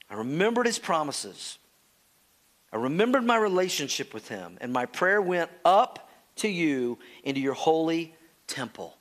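A man preaching a sermon, telling family stories with acted-out voices, then turning soft and earnest. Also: a little high. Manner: animated storytelling, acting out his child's pleading voices; drops to a soft, slow earnest tone for the teaching. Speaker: pastor.

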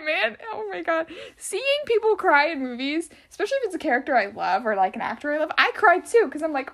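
A young woman chats through a solo podcast in a rambling, easygoing way, her speech full of filler words. Her voice sits high and sounds bright and sharp, and she talks freely without a script. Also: expressive, a little fast, few pauses. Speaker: podcast host. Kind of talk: casual solo podcast chat.

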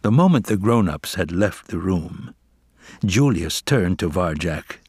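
A man reading a children's novel aloud in a measured, expressive storytelling manner. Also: deep voice, slightly rough, no echo, clean studio sound. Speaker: audiobook reader. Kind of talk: scripted narration.

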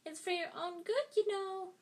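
Peeves, a cackling high singsong poltergeist, put on by a woman reading. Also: big pitch swings, slow, a bit bright, full character voice. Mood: taunting. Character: mischievous cackling male poltergeist, singsong and gleeful.

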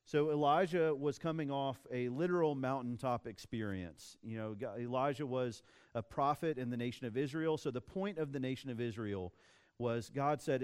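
A young adult man preaching a sermon, telling a Bible story in a casual, animated way with quick restarts. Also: medium pitch, clear, resonant tone. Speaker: pastor.

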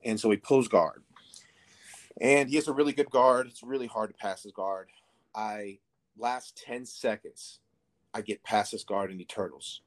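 Low-voiced man telling a story, profane. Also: steady tone, measured pace. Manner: profane, rambling, filler-heavy. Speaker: podcast guest. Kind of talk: casual storytelling.

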